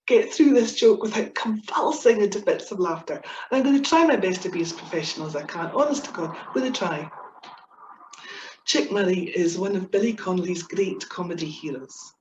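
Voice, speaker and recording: A woman's voice: mid-range voice, roomy sound, slight background noise. A woman with a Scottish accent giving a playful, chatty webinar talk over a video call, full of asides and giggles. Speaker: webinar speaker on Scots humour.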